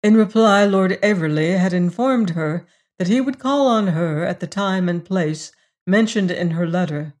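A narrator reads a period novel aloud in a steady, measured way. The voice sits at a middle pitch, neither high nor low. The delivery stays even and composed from line to line. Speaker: audiobook reader. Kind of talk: scripted narration of a Victorian novel.

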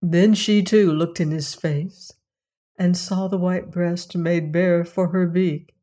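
Audiobook narrator: woman, lower voice, unhurried, solemn fairy-tale delivery. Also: steady tone, dark tone. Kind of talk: storybook reading.

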